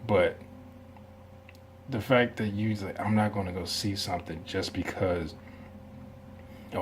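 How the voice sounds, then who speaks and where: Rambling low-voiced man reacting. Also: darkish tone, slight background noise. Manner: rambling, full of fillers and asides, laughing. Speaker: reaction video host. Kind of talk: casual rambling commentary.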